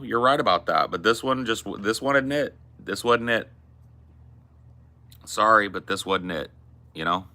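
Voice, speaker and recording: Profane, low-voiced man with a bright edge. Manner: profane, emphatic, riffing. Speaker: podcast host. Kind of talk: casual chat about movies.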